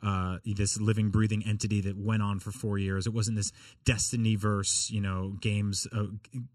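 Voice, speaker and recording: A man in casual podcast chat, telling rambling, animated stories and acting out quotes. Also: on the low side, normal speed, dry recording, studio quality. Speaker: games journalist and podcast regular.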